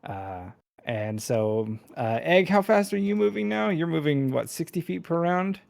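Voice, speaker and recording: A man's voice: on the high side, lively intonation, measured pace, gravelly, darkish tone. A man narrating as game master in a casual, rambling way with many fillers.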